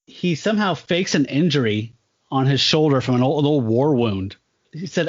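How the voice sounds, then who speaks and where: A man co-hosting a casual comic book podcast, enthusiastic and quick to laugh. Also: mid-range voice, expressive, no echo, dull audio. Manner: enthusiastic, laughs often, makes pop culture comparisons. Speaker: podcast co-host.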